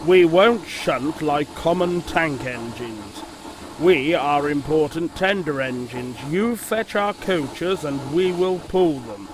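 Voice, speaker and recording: A man's voice: fairly high pitch, expressive, slow pace. A man voicing a proud, rude big male steam engine in a storybook reading, with a scornful, haughty manner. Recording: noisy background hiss.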